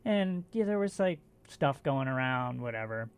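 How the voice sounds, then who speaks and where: A middle-aged man with a gravelly, fry-laden voice is a guest in a casual chat. He talks in halting bursts with plenty of fillers and restarts, at an ordinary middle pitch. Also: animated. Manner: halting, filler-heavy recollection. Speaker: guest, former bike racer. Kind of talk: casual conversational storytelling.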